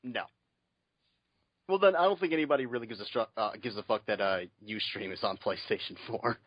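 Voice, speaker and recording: A man co-hosting a podcast in casual chat, wry and sarcastic, often pausing on fillers. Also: on the low side, dry recording, highs cut off. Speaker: podcast co-host.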